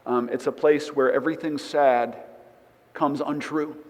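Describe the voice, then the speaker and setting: A man's voice: mid-range voice, fairly even intonation, measured pace, big-room sound, low-quality recording. A man giving a conversational sermon to his church, often checking in with "right?" as he teaches. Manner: conversational, frequent "right?" tags. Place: church sanctuary.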